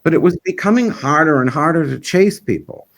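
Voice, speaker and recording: A man's voice: fairly high pitch, animated, a little fast. A man who organizes a festival, chatting in an interview in a rambling, frank and opinionated way. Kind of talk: casual interview chat.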